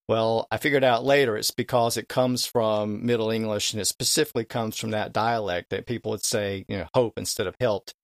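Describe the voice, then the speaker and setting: A man's voice: medium pitch, dry recording, studio quality. A middle-aged man explaining word history in conversation, spelling words out letter by letter in a lecturing way. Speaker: language history guest.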